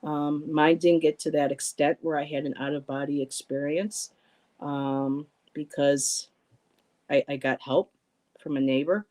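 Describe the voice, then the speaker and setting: A woman's voice: low voice, steady tone, measured pace, a little mellow, rough recording. A woman hosting a casual livestream, reading viewer comments aloud and greeting people by name, with frequent ums and restarts. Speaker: livestream host.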